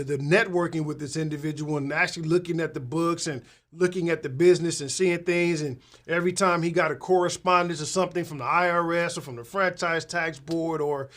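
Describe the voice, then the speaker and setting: Give me a man with a fairly high voice, a tax professional rambling to his audience with frequent "right?" checks. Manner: rambling, many restarts and "right?" tag questions; animated when retelling a phone call. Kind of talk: casual talk to an audience.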